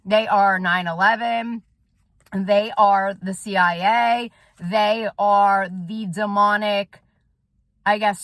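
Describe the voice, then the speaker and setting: A woman's voice: medium pitch, fairly bright tone, no echo. Intense, swearing woman in a dry room. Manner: intense, rambling, swears often. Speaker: soul coach and vlogger. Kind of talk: casual direct-to-camera monologue.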